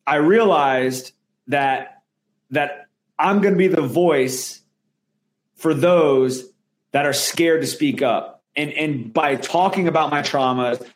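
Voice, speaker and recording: A man's voice: on the high side, slow pace. A man speaking as an interview guest, earnest and emphatic, often restarting his sentences. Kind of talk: candid interview conversation.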